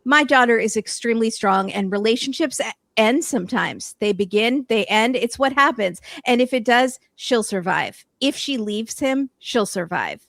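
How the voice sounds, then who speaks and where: A woman's voice: a little high, animated, moderate pace, creaky, a bit bright, no room sound, studio quality. A woman guest on a podcast, chatting casually with wry, teasing banter. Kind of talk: casual chat.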